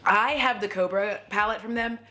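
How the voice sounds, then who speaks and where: A woman's voice: mid-range voice, normal speed, bright, forceful tone, soft background music. An American woman chatting casually to camera as a beauty vlogger, joking and swearing freely as she reviews makeup. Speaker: beauty YouTuber.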